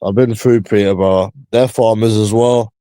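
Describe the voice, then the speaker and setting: A man's voice: fairly low pitch, fairly even intonation, moderate pace, mellow, no room sound. A young man from East London, with its accent, chatting casually with viewers in a slangy, rambling way that often repeats itself. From East London, England. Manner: slangy, repeats himself, loose rambling talk. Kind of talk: casual chat.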